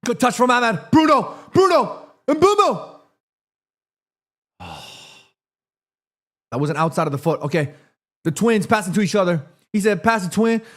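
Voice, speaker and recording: A high-pitched man from Korea hosts a live football watchalong. His voice leaps all over the place as he reads out viewer messages, munches snacks and yells at near-misses. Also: moderate pace, long pauses. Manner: chatty, reads chat aloud, excited shouts at match action. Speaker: streamer hosting a football watchalong. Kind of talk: live stream watchalong chat and commentary.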